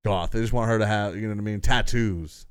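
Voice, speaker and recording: A man's voice: on the low side, fast talker, clean tone. A man co-hosting a podcast, reading items out and joking crudely in casual banter. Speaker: podcast co-host.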